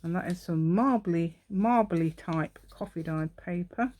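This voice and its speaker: A woman hosts a relaxed craft tutorial, talking to herself as she works. Her voice sits a little low, and she speaks at an unhurried pace. She rambles chattily from step to step. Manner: chatty, rambling, talks to herself while working. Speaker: craft channel host. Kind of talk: casual craft tutorial, thinking aloud.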